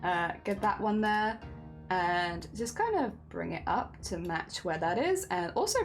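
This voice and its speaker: A woman streamer chats unhurriedly with an animated pitch while rigging a vtuber model, greeting viewers and talking herself through each step in casual live-stream talk. Faint music plays, and she coughs and sounds a little congested.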